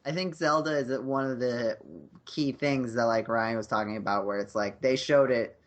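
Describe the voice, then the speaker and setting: A man in an easygoing podcast chat, talking over a video call. He circles his points, piling on fillers and starting sentences over. His voice sits at a plain middle pitch. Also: steady tone, normal speed. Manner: rambling, many fillers and restarts. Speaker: podcast host. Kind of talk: casual chat.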